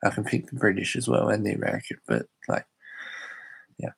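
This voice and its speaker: A man's voice: on the low side, big pitch swings, brisk, creaky, husky. A young Australian man chatting casually on a live stream, rambling and hesitant with many fillers.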